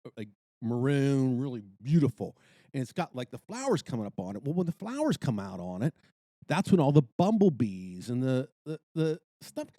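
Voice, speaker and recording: A middle-aged man telling a story in casual podcast chat, animated and exclaiming. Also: mid-range voice, normal speed, no room sound, studio quality. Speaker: podcast co-host.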